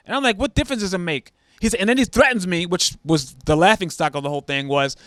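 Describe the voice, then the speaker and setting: A man's voice: high-pitched, fairly quick, few pauses, dry recording, clean studio sound. Casual slangy man telling a story. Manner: animated, acts out the scammer's lines in a raised voice; slangy, many fillers.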